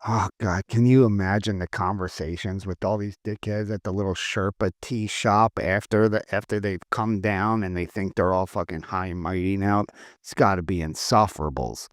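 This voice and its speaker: A man's voice: sits low, fairly even intonation, normal speed, few pauses, no room sound, clean studio sound. A man with a Philadelphia accent co-hosting a podcast, joking and swearing in casual banter. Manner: joking, swearing, easily laughing. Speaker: podcast co-host.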